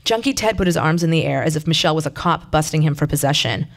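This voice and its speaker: A reader narrating a short story aloud in a plain, conversational manner. The voice sits at a middling pitch and moves along steadily, now and then stepping out of the text for a casual aside. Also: lively intonation, fast talker, vocal fry. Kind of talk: reading fiction aloud.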